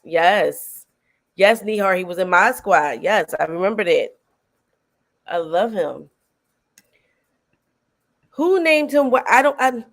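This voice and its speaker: A woman hosting a film reaction show, chatting casually and excitably, laughing often and using slang. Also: mid-range voice.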